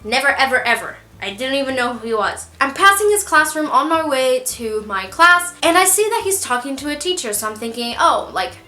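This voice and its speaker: A young woman telling embarrassing stories to the camera in a casual, animated and self-mocking way, acting out the quotes. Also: sits high, brisk, few pauses, roomy sound. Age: young adult. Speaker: vlogger.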